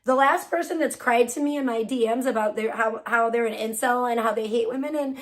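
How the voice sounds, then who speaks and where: A woman's voice: on the high side, normal speed. A woman livestreaming, ranting casually with lots of swearing and laughter, mocking someone.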